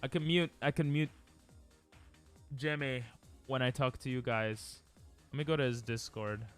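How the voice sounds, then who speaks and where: A man streaming live, chatting casually and playfully with his viewers, with sudden loud bursts. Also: mid-range voice, steady tone, unhurried, clean tone, faint music behind. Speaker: livestreamer.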